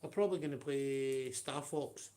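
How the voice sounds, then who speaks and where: A man's voice: mid-range voice, moderate pace, darkish tone. A man with a Scottish accent ranting on a livestream, profane and confrontational, with blunt taunts.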